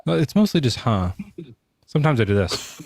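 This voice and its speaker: A man co-hosting a casual live podcast chat, joking crudely and talking in an animated way. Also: on the high side, fast, gravelly, dry recording, clean studio sound. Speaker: podcast co-host.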